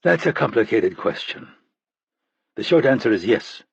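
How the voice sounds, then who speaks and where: A man voicing a stressed CIA Russia chief with a faint Russian accent, agitated and blunt, in a husky voice. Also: lowish voice, very animated, normal speed, no echo, dull audio, exaggerated voice. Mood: grim. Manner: agitated, swearing.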